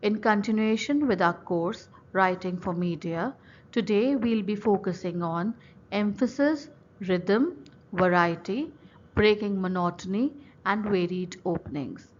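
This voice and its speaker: A woman professor with an Indian English accent gives a recorded university lecture, speaking deliberately and listing points one by one. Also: medium pitch. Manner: slow, deliberate, lists items one by one. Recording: slightly dull recording with faint background noise.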